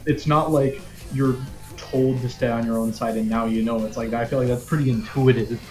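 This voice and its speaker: A man's voice: mid-range voice, fairly even intonation, normal speed, a little mellow, faint music behind. A young man chatting casually on a stream, rambling and hedging with lots of "like". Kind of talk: casual chat.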